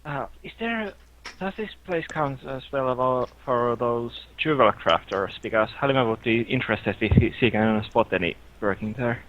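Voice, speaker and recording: A man's voice: medium pitch, moderate pace. A man playing a tabletop game, asking curious, chatty questions. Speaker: player. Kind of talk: casual tabletop play. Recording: muffled lo-fi mic.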